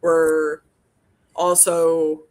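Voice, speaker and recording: A woman's voice: sits low, little pitch movement, drawn-out words, a little mellow. A woman, a dental hygienist, chatting casually as a podcast co-host, blunt and profane, rambling with lots of restarts. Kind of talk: casual chat.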